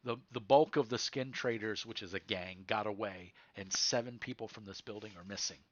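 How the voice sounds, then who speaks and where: A man's voice: lowish voice, fairly quick, no room sound. A man narrating a tabletop game as game master, in a casual, rambling way with many fillers. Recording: dull lo-fi mic, dry.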